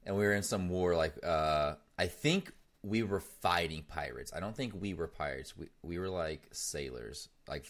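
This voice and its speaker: A man's voice: deep voice, normal speed, hardly any pauses. A man in his twenties co-hosting a podcast, chatting casually, rambling with laughs and swearing. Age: 20s. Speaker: podcast co-host. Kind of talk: casual chat. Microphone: desk mic setup.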